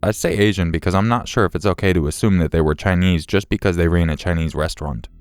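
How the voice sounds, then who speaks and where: Male narrator for scripted horror stories, very deep, smooth and dry, measured delivery. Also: a little mellow, no room sound. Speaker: story narrator.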